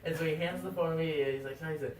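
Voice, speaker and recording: A young podcast co-host tells a rambling, animated story at rapid-fire speed, acting out the voices of the people in it. His pitch is fairly high, and he sounds far from the mic in an echoey room with faint noise.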